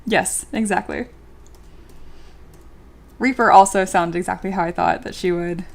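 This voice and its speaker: Sculpting on a livestream, a young woman reads viewer comments out loud, giggling and chatting casually with frequent fillers. She speaks a little slowly in a fairly low, creaky voice.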